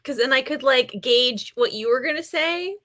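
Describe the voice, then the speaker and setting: A woman's voice: sits high, moderate pace, crowd noise. A woman co-hosting a live book club stream, talking casually and laughing often. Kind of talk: casual livestream chat.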